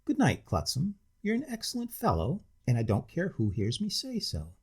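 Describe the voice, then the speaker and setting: A man voicing a tipsy, pompous middle-aged gentleman who speaks with exaggerated, ponderous civility in a gravelly, husky voice. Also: a little high, wildly swooping pitch, moderate pace, pitched above the performer's own voice, exaggerated voice. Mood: drowsy contentment. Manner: overly civil, ponderous, slightly drunk.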